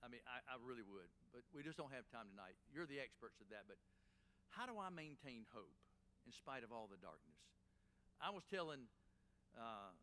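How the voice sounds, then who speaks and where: A man's voice: mid-range voice, sharp tone, a little hiss or hum. Folksy man giving a dinner speech. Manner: folksy storytelling, Southern phrasing; rising to impassioned preaching cadence. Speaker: dinner honoree giving remarks. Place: banquet hall.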